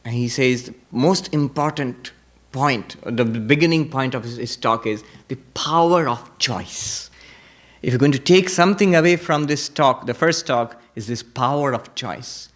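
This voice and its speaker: A monk teaching Vedanta in a spiritual lecture, telling stories, reciting Sanskrit verses and repeating key points for emphasis. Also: male voice, mid-range voice, unhurried. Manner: emphatic repetition.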